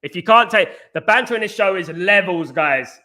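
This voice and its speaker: A man hosting a football fan live stream, bantering and giving shout-outs to viewers in the chat. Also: high voice, animated, normal speed. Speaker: host.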